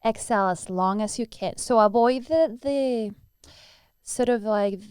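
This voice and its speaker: A woman's voice: on the high side, a little slow, a little mellow, smooth, no echo, studio quality. A woman who teaches breathwork, answering interview questions earnestly and demonstrating breathing sounds as she explains.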